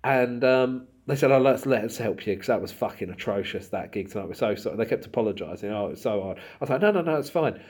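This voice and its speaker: A man from Southend, a comedian, chatting casually and acting out exchanges in animated anecdotes. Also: fairly low pitch, quick pace, few pauses, husky. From Southend, England. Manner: animated storytelling, acts out dialogue. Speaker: comedian and podcast host. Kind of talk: casual chat.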